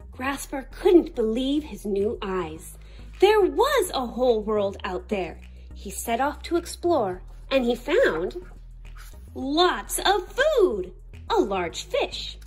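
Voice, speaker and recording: Expressive woman reading a picture book. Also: sits high, breathy edge. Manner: expressive and slow-paced. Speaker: storyteller.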